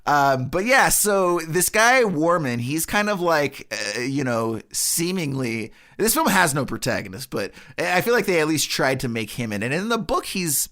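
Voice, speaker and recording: Animated man recapping a film. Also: on the high side, normal speed, few pauses. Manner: animated, laughs often, recaps film scenes. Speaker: podcast co-host. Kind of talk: casual chat.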